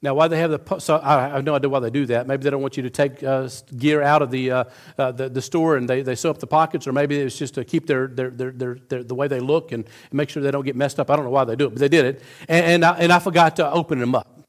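A man's voice: mid-range voice, steady tone, quick pace. A middle-aged male pastor preaching a sermon, earnest, often restarting and repeating words as he tells a story.

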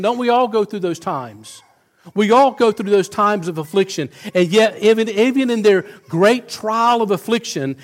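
A middle-aged male pastor preaching a sermon, earnest, often restarting and repeating words as he tells a story. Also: sits high.

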